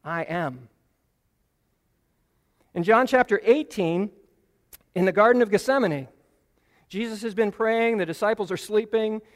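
A man with a fairly high voice preaches an earnest, explanatory Bible teaching sermon. He slows down and stresses key phrases to drive them home, and his voice rings out with the long reverb of a large hall.

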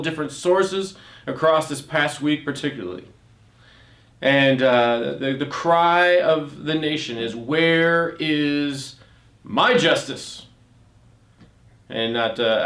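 A man with a fairly high voice preaches a sermon, reading scripture and commenting on it as he goes. His pitch climbs on his rhetorical questions, and he often restarts mid-phrase while he explains. The room gives his voice a noticeable echo. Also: a bit bright.

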